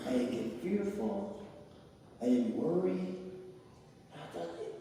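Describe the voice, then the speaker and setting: A middle-aged man giving a sermon, telling personal stories slowly with laughter. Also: a little high, expressive, dark tone, slight background noise. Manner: slow, storytelling with laughs. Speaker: spiritual speaker. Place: large hall with audience. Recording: echoey hall, distant mic.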